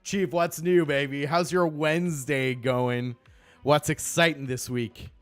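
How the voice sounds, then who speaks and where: A man's voice: a little high, steady tone, unhurried, no echo, faint music behind. A man chatting casually on a game live stream, upbeat and greeting viewers by name.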